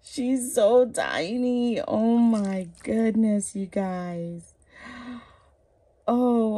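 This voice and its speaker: This reborn doll collector has a warm, high-ish voice with lively intonation and stretched-out words. Casually vlogging at home as she bathes her dolls, she coos, gushes and repeats "oh my goodness" constantly.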